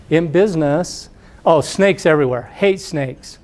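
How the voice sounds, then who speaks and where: A middle-aged man, an entrepreneur, giving a talk to students as an animated storyteller who acts out the voices. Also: mid-range voice, moderate pace. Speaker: entrepreneur guest speaker.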